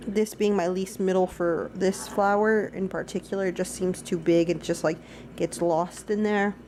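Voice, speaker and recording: A woman's voice: lowish voice, steady tone, normal speed, a little mellow, slight background noise. A young woman chatting through a casual daily vlog at home, rambling and talking to her dogs. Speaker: vlogger. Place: at home, indoors.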